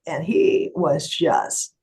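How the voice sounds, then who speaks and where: A woman's voice: deep voice, huge pitch swings, very slow, warm tone, husky, poor audio. A middle-aged woman lawyer, a guest in an interview, retelling a courtroom story with animation and acting out the voices of others.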